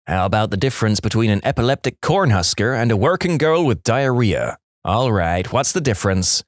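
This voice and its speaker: A man narrating jokes on a podcast in a wry, animated storytelling manner. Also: fairly low pitch, a little fast, few pauses, no room sound, clean studio sound. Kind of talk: reading jokes aloud.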